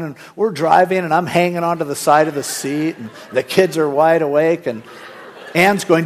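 A middle-aged man preaching a sermon as pastor, telling stories and acting out the dialogue in lively voices. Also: on the high side, normal speed, slight background noise.

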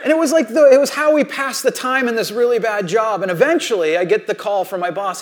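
High-voiced man telling a chatty story. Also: quick pace. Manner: chatty storytelling, many "like" and "you know" asides. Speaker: speaker addressing an audience. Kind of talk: anecdotal motivational talk.

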